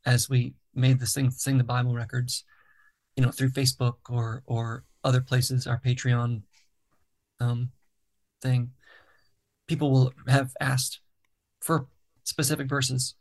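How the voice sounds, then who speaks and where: In a relaxed, casual interview, a male songwriter guest explains his process methodically and reflectively. He pauses to hunt for words, and his ordinary-pitched voice has a gravelly, creaky texture.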